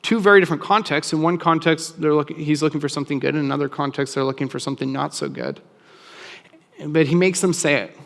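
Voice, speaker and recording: A man's voice: fairly high pitch, quick pace, a bit bright, long reverb tail. A man preaching a sermon as a pastor, in a casual, conversational way with frequent restarts.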